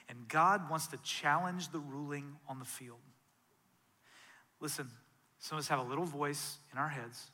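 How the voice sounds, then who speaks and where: A male pastor preaching a sermon, swinging from loud, intense passages to soft, hushed ones. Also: on the high side. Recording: long reverb of a large hall.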